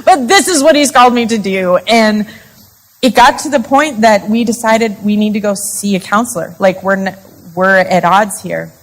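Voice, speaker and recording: A woman's voice: mid-range voice, moderate pace, low-quality recording. A woman with a mid-range voice talks openly to a live conference crowd about faith. Her delivery is chatty and confessional, peppered with "like". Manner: chatty and confessional, with frequent "like" fillers. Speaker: conference speaker and podcast co-host. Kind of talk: candid faith talk to a live audience. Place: live women's conference session.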